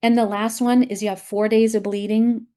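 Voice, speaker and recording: A woman guest in a conversational interview, talking emphatically with strong opinions and quick asides. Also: fairly high pitch, level tone, warm tone. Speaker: guest, acupuncturist and app founder.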